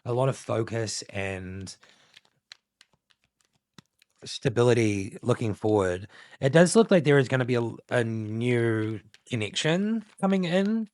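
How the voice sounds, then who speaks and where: A medium-pitched, somewhat dark-toned man sounds animated yet keeps a measured pace on a dry recording. He's a tarot reader doing a casual collective reading for his channel, meandering and leaning heavily on filler likes.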